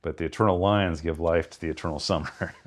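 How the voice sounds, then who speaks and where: Guy with a low voice chatting about poems, thinks out loud, reads the lines slow. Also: fairly even intonation. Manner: thinks aloud, reads verse slowly with stress. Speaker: podcast co-host. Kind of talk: casual literary discussion.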